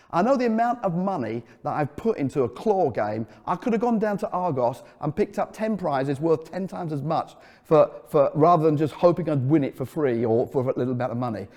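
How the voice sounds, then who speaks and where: A middle-aged man preaching a sermon as a pastor, telling stories and dropping into a soft, earnest tone. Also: fairly high pitch. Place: church. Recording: echoey hall. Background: long hall reverb.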